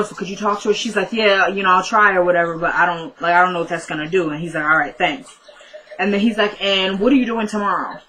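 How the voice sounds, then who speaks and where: Bright-voiced woman chatting through a recap. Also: fairly low pitch, low-quality recording. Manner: chatty, retells dialogue with "she's like". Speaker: TV recap vlogger. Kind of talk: casual episode recap.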